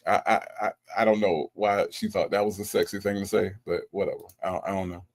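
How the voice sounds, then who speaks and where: Gravelly-voiced man hosting a live stream. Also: low-pitched, fairly quick. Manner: animated, teasing, mocks chat with exaggerated voices. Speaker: livestream host. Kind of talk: casual live-stream chat commentary.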